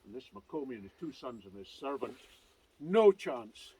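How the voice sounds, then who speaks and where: A Scottish man telling a local legend outdoors in a lively, conversational way with asides to his listeners. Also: mid-range voice, normal speed, slight background noise, low-quality recording. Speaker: clan society vice president. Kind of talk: outdoor folk storytelling. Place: outdoors by a standing stone.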